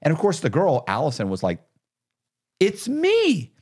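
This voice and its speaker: Lively-voiced man telling stories. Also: mid-range voice, fast talker, breathy edge. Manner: animated, acts out others' lines in quotes. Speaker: podcast guest, former con artist. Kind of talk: casual storytelling interview.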